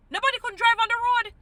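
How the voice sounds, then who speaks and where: A woman's voice: extremely high pitch, pushed and bright. A middle-aged woman with a Jamaican accent, ranting in an indignant, scolding commentary and repeating her points.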